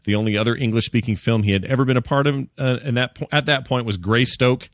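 A man hosting a casual movie chat, joking and animated, with silly put-on voices when he quotes people. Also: mid-range voice, fast talker, no room sound, studio quality.

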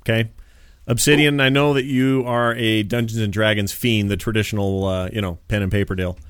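A man hosting a podcast in casual chat, jokey and quick to laugh. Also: fairly low pitch, fairly even intonation, smooth, no echo, studio quality. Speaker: podcast host.

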